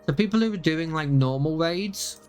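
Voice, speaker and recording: Young man, streamer, casual rambling chat, fairly high voice, faint music behind. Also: lively intonation, moderate pace, darkish tone, smooth. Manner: rambling, repeats himself, many fillers and restarts.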